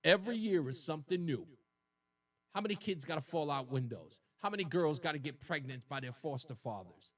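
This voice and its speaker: A man's voice: a little high, lively intonation, brisk, fairly bright tone, far from the mic. A man hosting a talk radio show, delivering an indignant, emotional monologue that repeats points for emphasis.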